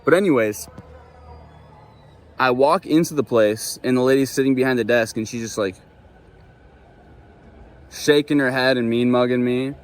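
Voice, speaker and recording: A man's voice: medium pitch, normal speed, long pauses. A young man vlogging, telling a story to camera in a casual, profane way full of "like" and "dude". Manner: laid-back, profane, heavy on "like" and "dude".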